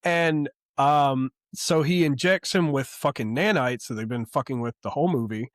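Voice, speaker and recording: Man, podcast co-host, casual chat, excitable, swears a lot, rambling, dry close sound. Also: medium pitch, moderate pace, no echo.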